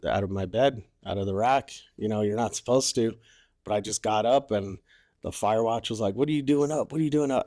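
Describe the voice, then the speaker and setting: A man's voice: fairly low pitch, darkish tone, no echo, studio quality. A man and former Marine telling war stories on a podcast in a loose, profane way, full of "like" and "you know". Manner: loose, profane, heavy use of "like". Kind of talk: casual storytelling.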